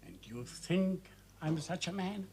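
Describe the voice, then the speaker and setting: A man's voice: high voice, expressive, takes it slowly, a little hiss or hum, full character voice. An actor playing a worried Swiss village cafe owner and father with a Swiss accent, earnest and pleading in a 1970s TV crime drama. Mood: anxious. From Switzerland.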